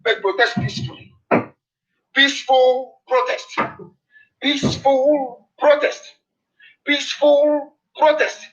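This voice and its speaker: A man's voice: very high voice, flat delivery, slow, long pauses, a bit bright. A middle-aged man from Nigeria with a Nigerian accent, giving a fiery political address full of impassioned denunciations and repeated warnings. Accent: Nigerian English. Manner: impassioned, denouncing, repetitive warnings. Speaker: activist broadcaster. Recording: dull lo-fi broadcast replay.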